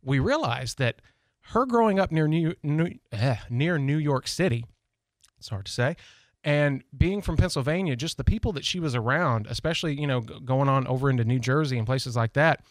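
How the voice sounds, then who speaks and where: A man's voice: mid-range voice, lively intonation, normal speed, no echo. A man from Tennessee with a Southern accent, telling stories as a radio host in a loose, rambling way with many restarts. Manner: rambling storyteller, frequent restarts and "you know". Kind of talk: casual monologue.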